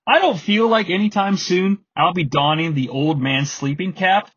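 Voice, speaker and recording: Husky, chatty man in his thirties. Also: high-pitched, moderate pace, fairly bright tone, dull audio. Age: 30s. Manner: chatty, digressive, with fillers. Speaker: podcast host. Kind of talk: casual solo commentary.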